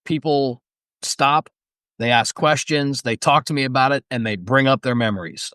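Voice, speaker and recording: A man's voice: medium pitch, normal speed, pushed and bright, clean tone, no room sound. Easygoing middle-aged man in dry chat. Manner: easygoing, agreeable conversationalist. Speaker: podcast co-host or guest. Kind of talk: casual chat.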